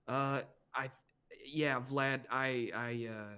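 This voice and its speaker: Stammering man with a bright voice. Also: mid-range voice, moderate pace. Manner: hesitant, stammering restarts. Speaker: player. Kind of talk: tabletop role-play.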